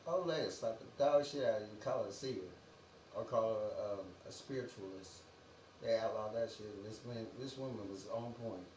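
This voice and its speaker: Rambling and laughing often, a male livestream host delivers a profane, free-associating monologue at a moderate pace. His voice is fairly low and darkish, and the recording is roomy and distant, with faint background noise.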